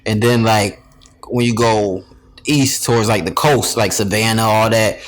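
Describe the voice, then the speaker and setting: A young man from Rochester, New York, chatting casually as a podcast guest and telling animated stories. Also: fairly low pitch, measured pace. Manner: animated storytelling, imitates voices. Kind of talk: casual chat.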